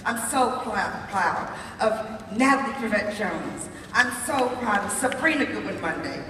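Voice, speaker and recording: A middle-aged woman giving an exuberant motivational stage speech, chanting rhymes and repeating how excited she is. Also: mid-range voice, normal speed, slight background noise. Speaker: sales director speaking on stage. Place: large arena with audience. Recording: echoey arena from far off, loud crowd.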